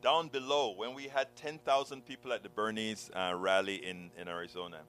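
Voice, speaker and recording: A man's voice: fairly low pitch, fairly even intonation, fairly quick, a bit bright, a little hiss or hum, poor audio. A blogger and speaker telling a personal story with passion, often repeating words and starting over as he acts out what people said.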